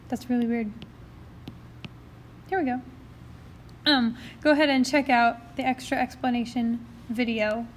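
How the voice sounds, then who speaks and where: A woman's voice: high voice, a little hiss or hum. A woman math teacher with the hiccups, talking through a recorded lesson in a chatty, upbeat way and explaining each step as she goes. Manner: chatty and upbeat, talks through her steps. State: has the hiccups.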